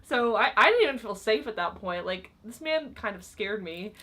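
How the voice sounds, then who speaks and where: A woman's voice: mid-range voice, animated, normal speed, pushed and bright. A young woman vlogger casually telling stories about her old job, chatty and full of "like" and "um". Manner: chatty, frequent fillers like "like" and "um". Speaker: vlogger recounting work stories. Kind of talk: casual storytelling to camera.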